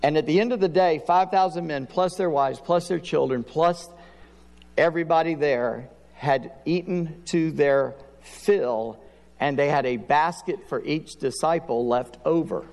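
A man's voice: on the high side, unhurried, darkish tone, long reverb tail. A middle-aged man preaching a sermon in a folksy storytelling manner. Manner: folksy storytelling, acts out prayers and dialogue. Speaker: pastor.

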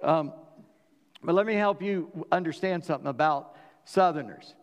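A Southern man preaching in a long-echoing sanctuary, his voice sitting a little high for a man. He tells the story with lively energy and breaks into voices for each part of the dialogue. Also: moderate pace. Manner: animated, acting out dialogue in voices. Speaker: pastor. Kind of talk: sermon.

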